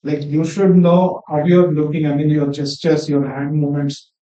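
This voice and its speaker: A young man with a fairly high, mellow voice shares public speaking tips as a workshop participant, speaking at normal speed with a flat delivery. He sounds hesitant and uses lots of fillers. The recording is dull and roomy, as he is far off the mic.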